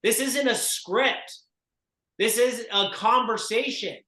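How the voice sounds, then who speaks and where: A man with a high, bright voice leads a group coaching session for real estate agents. He speaks with force and emphasis and keeps pressing his listeners to act. The room gives his voice a noticeable echo. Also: slow pace.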